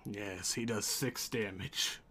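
A man's voice: on the low side, slow pace, pushed and bright. A man narrating a tabletop game as game master, loose and laughing, with casual swearing.

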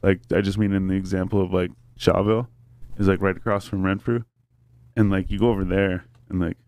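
A man's voice: low-pitched, level tone, brisk, darkish tone, no echo. A man telling a long story in casual chat, rambling and profane with many fillers. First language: English.

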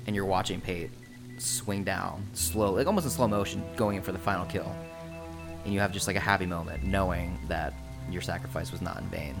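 A man with a low, gravelly voice narrates a tabletop game as its game master. He tells the scene in a slow, solemn way, and music plays behind him. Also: steady tone.

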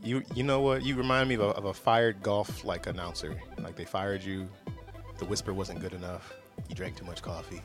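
A man hosting a gaming podcast, with relaxed, joking banter among friends. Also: deep voice, a little fast, soft background music. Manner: joking, laid-back banter. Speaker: podcast host. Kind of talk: casual gaming podcast chat.

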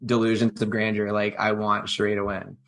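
A man's voice: fairly low pitch, monotone, brisk, gravelly, fairly bright tone. Man, casual chat, rambling, hesitant, lots of fillers. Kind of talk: casual chat about reality TV.

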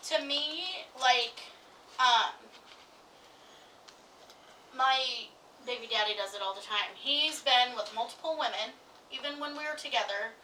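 A woman co-hosting a podcast, telling a story in casual chat, animated and laughing often as she acts out what others said. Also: high-pitched, measured pace, pauses often, recorded from a distance, slight background noise, poor audio. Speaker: podcast co-host.

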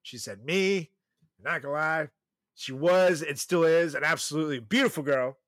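A young man co-hosting a podcast, chatting casually and crudely, laughing often and swearing as his voice swings from loud to soft. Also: a little high, normal speed, no room sound. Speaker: podcast co-host.

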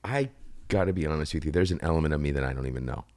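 A man in his fifties from the United States, a guest actor telling animated stories in a casual interview and swearing freely. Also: very deep voice, racing. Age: 50s.

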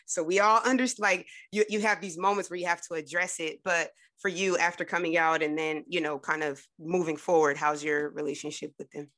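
A woman hosting a podcast interview, asking questions in a lively, casual way with playful asides. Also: fairly low pitch, moderate pace. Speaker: podcast host.

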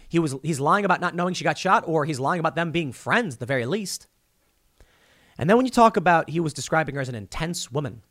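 A man's voice: fairly high pitch, a bit bright. A man hosting a solo commentary show, thinking aloud with restarts and mocking quotes. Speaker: political commentary host.

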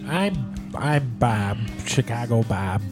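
A man's voice: medium pitch, lively intonation, slow, loud music behind the voice. A man co-hosting a casual podcast, making playful absurd jokes. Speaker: podcast co-host. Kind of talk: casual chat.

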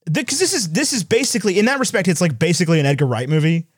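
Animated man in casual chat. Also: high-pitched, dry recording, studio quality. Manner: animated, quick asides, does voices when retelling. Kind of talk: casual chat about movies.

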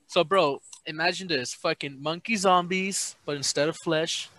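A young man in casual chat, excitable, swearing heavily and laughing loudly. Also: fairly high pitch, moderate pace, poor audio.

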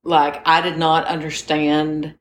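A woman in her forties with a slightly low voice co-hosts a casual podcast. She rambles through stories and turns to talk straight to her listeners. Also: flat delivery, slow, slight background noise. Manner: rambling, chatty storyteller who talks to listeners directly. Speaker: podcast co-host. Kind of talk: casual chat.

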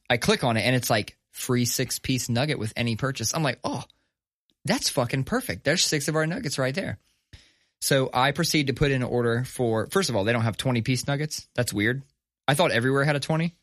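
Animated, profane man telling a story. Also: medium pitch, no echo, clean studio sound. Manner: animated, profane, acts out voices in his stories. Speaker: podcast co-host. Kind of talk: casual storytelling chat.

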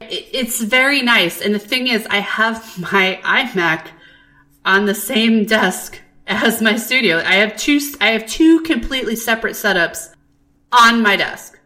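A woman co-hosting a podcast, chatting casually and telling stories in an animated, profane way. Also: on the high side, a little slow. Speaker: podcast co-host. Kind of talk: casual chat.

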